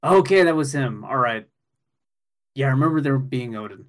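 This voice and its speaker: A man co-hosting a casual podcast, recapping an anime episode in an excitable way, swearing and laughing as he goes. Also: medium pitch, normal speed.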